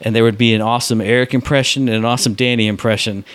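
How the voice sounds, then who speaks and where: A man co-hosting a podcast, telling stories in a casual, animated way and laughing often. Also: mid-range voice, very fast. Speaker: podcast co-host. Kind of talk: casual chat.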